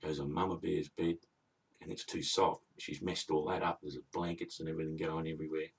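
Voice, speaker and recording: A man's voice: extremely low pitch, flat delivery, a little fast, creaky, slightly rough, recorded from a distance. A man retelling a fairy tale for laughs, with indignant, rambling asides. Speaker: comic storyteller.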